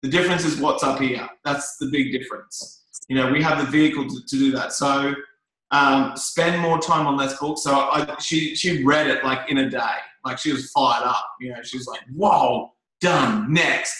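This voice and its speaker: A man's voice: medium pitch, steady tone, normal speed, bright, forceful tone. A man giving a casual motivational talk to a group, full of fillers and restarts. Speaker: network marketing trainer. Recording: very echoey room.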